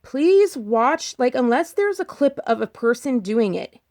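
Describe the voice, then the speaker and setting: A woman vlogger talking in casual commentary, repeating her points and firing off rhetorical questions, her pitch jumping up when she gets emphatic. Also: very animated, unhurried, a little mellow. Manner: insistent, repeats herself, fires rhetorical questions.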